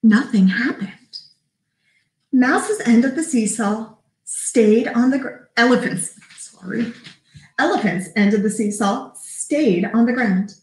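A woman reads a picture book aloud to young listeners, taking her time over each line and slipping into lively voices for the animals. Her voice sits a little high. The room around her gives it a noticeable echo. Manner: animated, does character voices, pauses to talk to kids. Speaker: children's librarian. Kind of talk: storybook read-aloud. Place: library room. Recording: echoey room.

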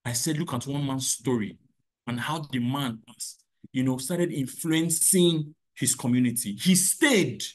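A man giving a motivational parenting talk over a video call, emphatic, repeating phrases and swinging between loud and soft. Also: medium pitch, a little slow. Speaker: parenting speaker.

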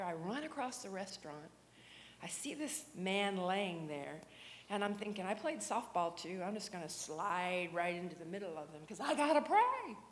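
A woman preaching a sermon, telling her story with animated swings from whispers to loud, fervent prayer. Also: mid-range voice. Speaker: guest preacher. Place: church sanctuary. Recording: long church hall reverb.

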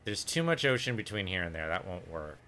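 A man's voice: low-pitched, big pitch swings, brisk, sharp tone, a little hiss or hum. A man casually commenting on his own gameplay, thinking aloud and muttering to himself as he plays. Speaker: let's play gamer.

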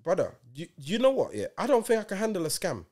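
A man in his forties trades casual banter as a podcast co-host. His voice sits a little high and swoops widely as he tells stories. He talks in an insistent, animated way. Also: fast. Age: 40s.

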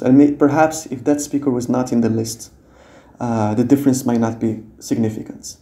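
A man with a very dark, mellow tone walks the viewer through a tutorial. He explains patiently and keeps checking that the listener is following. English is not his first language, and his voice sits in a roomy, echoey space. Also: medium pitch, fairly even intonation, moderate pace. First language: non-native English speaker. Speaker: teacher. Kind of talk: screen-recorded tutorial.

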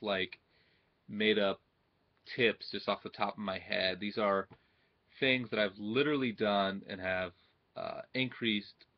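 Sitting at his computer at home, a young man delivers a relaxed monologue on building social confidence, his fairly low voice captured lo-fi by the webcam mic. He checks in with "right?" constantly and performs the greetings he quotes.

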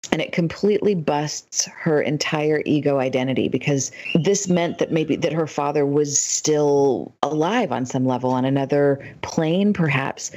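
Radio guest, woman, low voice, expressive storyteller who plays out the dialogue. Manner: animated storyteller, acts out quoted dialogue. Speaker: guest, dream expert. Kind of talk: radio talk show interview.

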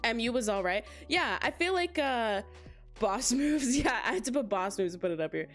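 A woman's voice: fairly high pitch, animated, moderate pace, faint music behind. A woman streamer chatting casually to her live chat, laughing often and talking straight to her viewers. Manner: giggly, talks straight to chat.

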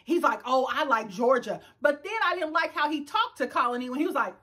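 A woman in her thirties with a high voice rants about a reality show in a casual, sassy way. She laughs often and talks straight to her viewers. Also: quick pace, pushed and bright. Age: 30s. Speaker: YouTube reviewer. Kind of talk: casual ranting commentary.

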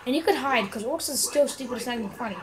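Young woman, high voice, chatty gameplay commentary with outbursts at enemies, noisy homemade recording. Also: racing. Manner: chatty, excitable, mocks enemies. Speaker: gamer.

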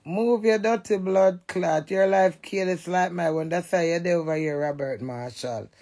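A woman vlogger with a Jamaican accent rants loudly and defiantly to camera, cussing throughout. Her voice is on the low side, at normal speed.

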